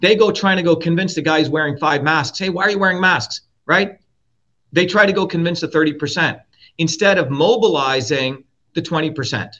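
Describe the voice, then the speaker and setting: A man from India, a guest in a heated interview, talking bluntly and forcefully, swearing and repeating his points. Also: fairly high pitch, normal speed. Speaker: guest, presidential candidate. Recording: dull lo-fi audio.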